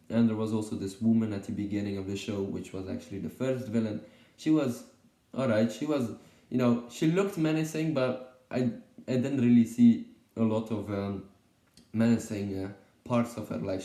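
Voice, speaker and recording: Rambling low-voiced man, echoey room. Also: warm tone. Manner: rambling, hesitant, many fillers and restarts. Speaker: YouTube reviewer. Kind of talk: casual unscripted review.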